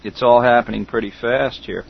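A middle-aged man hosting a casual internet radio chat, talking haltingly with lots of fillers and restarts. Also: medium pitch, fairly even intonation, creaky, slightly rough. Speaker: host. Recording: dull lo-fi call audio.

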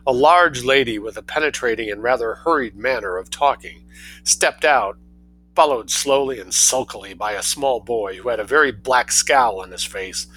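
A man reading a story aloud in a relaxed, lively way, doing voices for the characters. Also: medium pitch, slightly rough, rough recording.

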